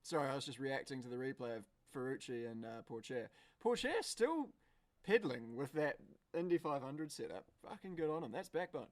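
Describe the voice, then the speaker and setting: A man commentating a car race live on a stream. He is excitable and swears, breaking into shouts at the screen. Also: mid-range voice, fairly quick, hardly any pauses.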